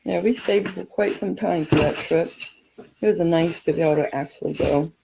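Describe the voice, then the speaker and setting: A woman's voice: lowish voice, normal speed, creaky, background noise. A middle-aged woman from California, chatting and rambling through a craft tutorial, laughing often as she tells stories.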